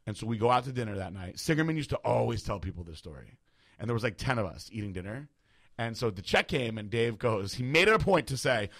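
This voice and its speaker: A young man tells a long story on a podcast in a rapid, tumbling way. His voice is bright and forceful. He swears freely and slips into the voices of the people he quotes, then drops back into casual chat. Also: medium pitch, expressive. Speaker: podcast host.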